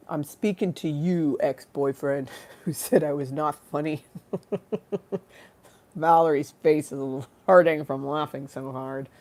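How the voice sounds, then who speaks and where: Tired woman livestream host with a low voice and a slow, rambling, self-mocking delivery. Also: a little mellow. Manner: rambling, self-mocking, laughs often, reads chat aloud. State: tired, yawning. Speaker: livestream talk show host. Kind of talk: casual livestream chat.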